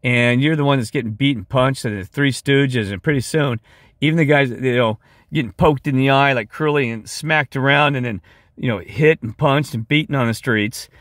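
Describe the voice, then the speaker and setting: A man's voice: medium pitch, normal speed, a bit bright, no room sound, clean studio sound. A man talking through a rambling, impassioned video monologue, tired and going off track, then walking through a shared screen. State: weary. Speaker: video creator.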